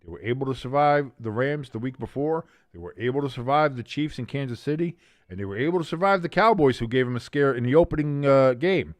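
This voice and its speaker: A man's voice: medium pitch, animated, fast, dry recording, studio quality. A man hosting a casual sports watch-along stream, doing joking, profane play-by-play and banter. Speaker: livestream host doing play-by-play.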